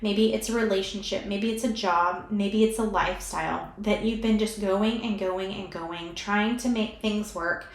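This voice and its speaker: A woman giving a pick-a-card tarot reading in a soft, soothing way, emotional and close to tears as she talks straight to the viewer. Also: mid-range voice, steady tone, normal speed, hardly any pauses, reverberant.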